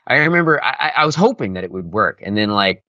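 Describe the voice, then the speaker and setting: A man with a lowish voice chats about his voice work as an interview guest, animated and expressive. The sound is dry and close. It has a somewhat dull, lo-fi quality. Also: fast, no echo. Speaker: voice actor guest. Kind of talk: casual interview chat.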